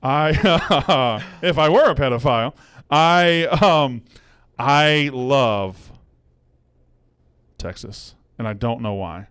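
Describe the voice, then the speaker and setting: A man's voice: mid-range voice, lively intonation, slow, fairly bright tone, clean tone. A man hosting a casual sports betting show in a studio, swearing freely and worked up in heated rants. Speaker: host.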